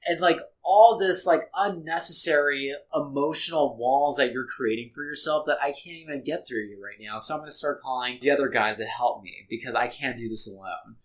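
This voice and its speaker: A man's voice: mid-range voice, brisk, few pauses, poor audio. A man as a podcast guest, talking in a rambling, earnest way with frequent restarts. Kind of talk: casual reaction chat.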